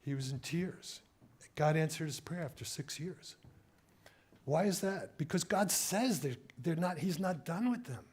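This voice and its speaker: Guest preacher, middle-aged man, slightly high voice, animated storyteller who acts out the voices he quotes. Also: measured pace, husky. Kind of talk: sermon.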